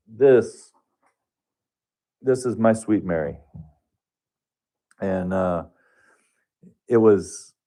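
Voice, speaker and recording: A man telling a personal story as a guest on a radio talk show, earnest and halting, often restarting his sentences. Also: sits low, darkish tone. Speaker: radio guest, hospice touch therapist.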